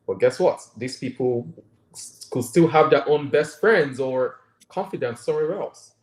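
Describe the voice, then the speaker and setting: A man's voice: medium pitch, a little slow. A man with a Nigerian accent, a guest doctor in an interview, talking earnestly and reflectively and often checking in with "right?". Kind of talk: conversational interview. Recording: roomy echo.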